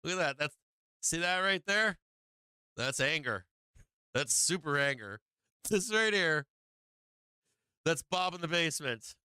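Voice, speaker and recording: A man hosting a live stock market stream, chatting casually with profanity, frequent laughter and sudden animated bursts. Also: a little high, unhurried, long pauses, clean tone, no room sound. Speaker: stock market livestream host. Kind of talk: casual live trading commentary.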